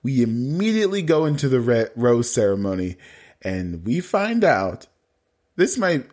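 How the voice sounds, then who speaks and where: A man's voice: medium pitch, very animated, measured pace, darkish tone. A man co-hosting a podcast, chatting casually and dramatically about a reality dating show, mock-exasperated and laughing often. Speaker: podcast co-host. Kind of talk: casual reality-TV recap chat.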